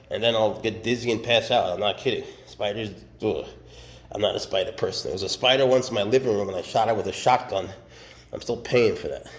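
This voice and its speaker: A man chatting casually while he handles his snakes, cooing at them and often dropping to a hushed murmur. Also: mid-range voice. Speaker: snake keeper vlogger.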